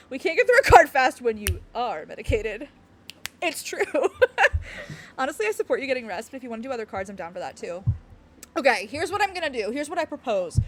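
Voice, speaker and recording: Bubbly giggly woman streaming. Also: on the high side. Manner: bubbly, giggly, rambling with fillers. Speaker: game streamer. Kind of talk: casual live-stream chat.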